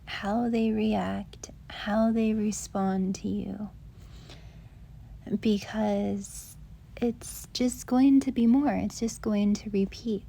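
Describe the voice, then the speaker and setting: A young woman gives dating advice in a soft whisper, drifting along at an unhurried pace. Her voice is mellow and breathy, with a gravelly edge running through it. She rambles gently, leaning on filler words as she works through her thoughts. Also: medium pitch.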